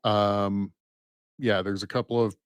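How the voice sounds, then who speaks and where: Relaxed man co-hosting a podcast. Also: fairly low pitch, smooth, no room sound, clean studio sound. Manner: relaxed, halting, full of fillers. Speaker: podcast co-host. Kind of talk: casual podcast chat.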